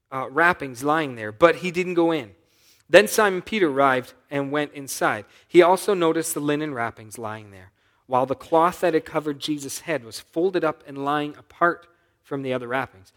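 A man preaching a sermon, retelling a scripture story and voicing its people, moving between quiet asides and loud, urgent appeals. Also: mid-range voice. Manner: reads scripture and voices the characters' lines. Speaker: pastor.

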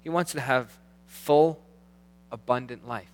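A man preaching a sermon as pastor, earnest, slowing down to read scripture aloud. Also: mid-range voice. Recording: long hall reverb.

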